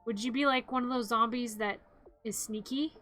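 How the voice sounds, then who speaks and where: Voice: medium pitch, fairly even intonation, normal speed, sharp tone, soft background music. A streamer chatting casually on a live stream, in a playful, giggly way, acting out zombie growls and screams.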